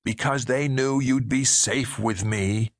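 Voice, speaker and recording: A man voicing an older woman who is a falsely sweet abductor, speaking slowly in a coaxing, sugary way. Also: mid-range voice, fairly even intonation, no echo, clean studio sound, pitched above the performer's own voice.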